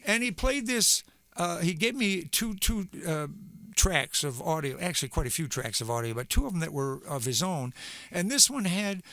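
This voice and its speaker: A man with a high, bright voice talks to his live-stream viewers between songs. He rambles from story to story and often stops to search for the right word. He sounds like a singer-songwriter chatting casually in his home studio. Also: very animated, normal speed, no room sound. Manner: rambling, searching for words with many fillers.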